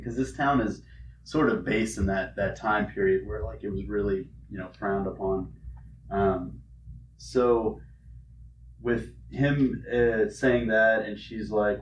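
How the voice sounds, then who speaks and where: A man's voice: on the low side, fairly even intonation, unhurried, recorded from a distance, dull audio. A man co-hosting a podcast, recapping a comic in a casual, rambling way full of fillers and swearing. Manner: rambling, filler-heavy and profane. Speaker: podcast co-host. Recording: roomy and off-mic with faint noise.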